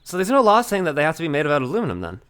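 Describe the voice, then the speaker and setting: A man's voice: a little high, huge pitch swings, racing, a bit bright, clean tone. A man doing a bubbly young sidekick girl. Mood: chirpy. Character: perky chatty young woman sidekick. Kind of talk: reading game dialogue aloud.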